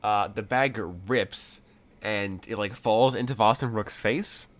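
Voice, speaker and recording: Rambling low-voiced man game master. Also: steady tone, takes it slowly. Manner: rambling, many fillers. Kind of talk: narrating a tabletop game.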